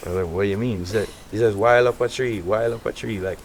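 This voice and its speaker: A middle-aged Jamaican man, an artist as guest, telling stories in a relaxed casual interview. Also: lowish voice, quick pace, gravelly, slight background noise. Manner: relaxed, animated storytelling with quoted voices.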